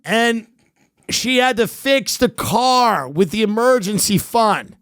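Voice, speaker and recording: A man playing a broke, bitter middle-aged father and devoted fan, ranting and working himself up to shouting. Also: high-pitched, lively intonation, slow, smooth, no room sound, clean studio sound, heavily acted. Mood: grumbling. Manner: escalating unhinged rant, shouting.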